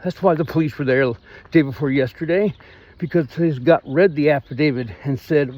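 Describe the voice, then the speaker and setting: A man's voice: a little high, normal speed, darkish tone. A man with a Missouri twang venting in a rambling, aggrieved vlog monologue. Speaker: vlogger.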